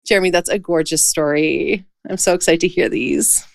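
A woman's voice: on the low side, moderate pace, creaky, dry recording, studio quality. A woman podcast host who gushes, gets emotional and laughs often while interviewing her guests. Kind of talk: casual interview.

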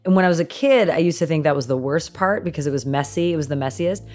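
Female guest from Canada, lower register, lively storyteller who laughs a lot. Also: fast talker, soft background music. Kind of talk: casual storytelling chat.

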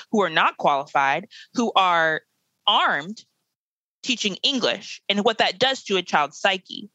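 A woman's voice: medium pitch, pushed and bright, no room sound, poor audio. A woman in her late twenties, a guest educator in a podcast interview, speaking bluntly and emphatically with bursts of laughter. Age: 20s.

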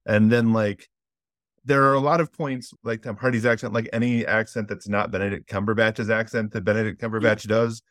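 A man hosting a casual movie podcast, joking and animated as he introduces a guest. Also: on the low side, brisk, no echo, clean studio sound. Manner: animated and joking, acts out quotes. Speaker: podcast host.

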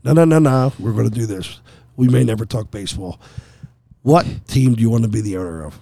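A man's voice: mid-range voice, gravelly, mellow. A man co-hosting a casual sports podcast, exasperated and drawing out his points emphatically. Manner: exasperated, drawn-out emphatic delivery. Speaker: podcast co-host.

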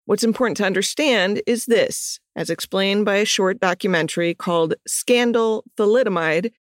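A woman hosting a podcast, giving scripted history narration in an even, measured read with chatty asides. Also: mid-range voice, dry recording, studio quality. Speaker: podcast host.

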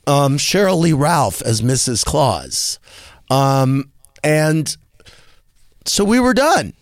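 A man hosting a radio talk show, telling a story with a lively voice that swoops up and down. He talks slowly and a bit high, acting out the people he quotes. The studio sound is close and dry. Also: no room sound. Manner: animated, acts out quoted voices in a higher pitch. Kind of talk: casual storytelling chat.

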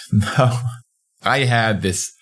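A man's voice: mid-range voice, drawn-out words, fairly bright tone. A man narrating a fiction podcast in the first person, speaking in a conversational, hesitant way with frequent restarts.

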